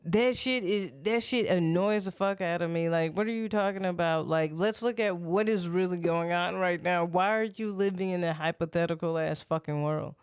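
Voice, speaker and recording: A woman's voice: fairly low pitch, moderate pace, hardly any pauses, smooth. A woman co-hosting a podcast in casual chat, blunt and profane, laughing often. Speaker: podcast co-host.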